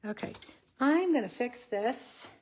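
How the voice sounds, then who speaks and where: A woman's voice: on the high side, lively intonation, measured pace, darkish tone, slightly rough. Chatty woman crafting live to viewers. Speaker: card-making host. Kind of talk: casual craft livestream.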